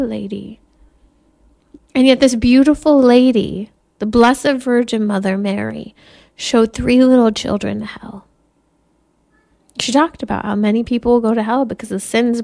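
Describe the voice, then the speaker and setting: Catholic mom talking faith stuff, earnest, kinda higher voice, slows down to make a point. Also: female voice, darkish tone. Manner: earnest, slows for emphasis, laughs while telling stories. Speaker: Catholic podcast host and mother. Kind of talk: reflective faith talk with personal stories.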